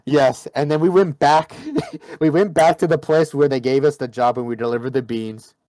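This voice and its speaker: A man's voice: mid-range voice, fairly even intonation, normal speed, a little mellow, dry recording. Rambling man recapping a game. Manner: rambling, full of likes and restarts. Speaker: player. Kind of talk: casual recap of a game session.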